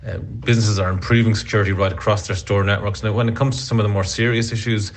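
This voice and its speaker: A man with a fairly low voice giving an official statement. He speaks in a measured, formal way as an industry spokesperson. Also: little pitch movement.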